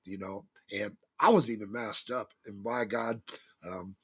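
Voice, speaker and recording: A man's voice: on the low side, fairly even intonation, measured pace, pushed and bright, breathy edge. A man talking as a guest on a talk show, telling stories in a folksy, emphatic way with religious turns of phrase. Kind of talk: casual talk-show interview.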